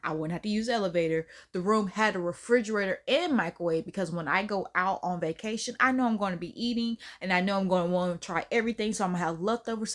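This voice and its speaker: A woman telling a casual storytime rant as a vlogger, animated and emphatic, repeating her points for effect. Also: medium pitch.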